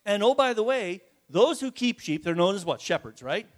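A man's voice: high voice, animated, moderate pace. A man preaching a sermon to his congregation in a folksy, joking way, often asking them questions. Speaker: pastor. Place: church before a congregation.

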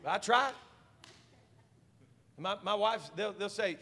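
Male pastor, bright, forceful sermon voice, call-and-response, reverberant sanctuary. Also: high voice, expressive, takes it slowly. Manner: swings from quiet talk to shouted preaching. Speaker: senior pastor. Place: church sanctuary. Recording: long reverb of a church hall.

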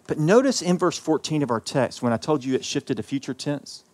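A male pastor from the American South delivering a sermon, preaching with passion and sweeping from loud peaks to hushed lines. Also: fairly high pitch, animated, brisk. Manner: impassioned preaching with big swings in loudness.

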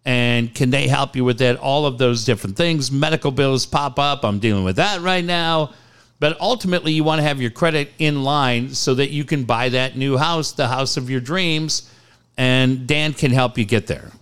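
A man in his forties hosting a talk radio show, telling blunt, animated stories with swearing and reading ads. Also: mid-range voice, moderate pace, clear, resonant tone. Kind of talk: casual sports talk and live ad reads.

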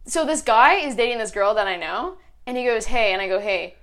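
A young woman, chatting on a podcast. She tells stories animatedly, slipping into the voices of the people in them. Her voice sits slightly high. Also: brisk. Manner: animated storyteller, acts out old text messages. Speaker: podcast co-host. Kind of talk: casual chat.

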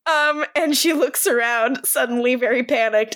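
A young woman co-hosting a podcast, recapping a show in casual chat, animated and laughing as she quotes characters. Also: high-pitched, normal speed, no echo, clean studio sound. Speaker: podcast co-host.

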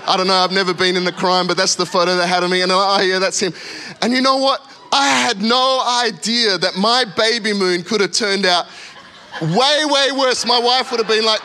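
A man in his thirties preaching in a church, telling a story with lively acted-out voices before a sermon. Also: high-pitched. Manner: animated storyteller, acting out voices. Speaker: pastor. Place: church hall.

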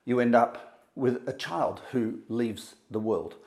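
Male motivational speaker, mid pitch, dramatic pauses, acts out dialogue. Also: darkish tone. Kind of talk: storytelling talk to an audience.

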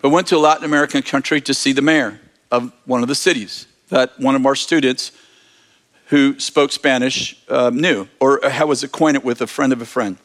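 A man telling a lively story in a sermon, laughing as he talks. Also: mid-range voice, normal speed.

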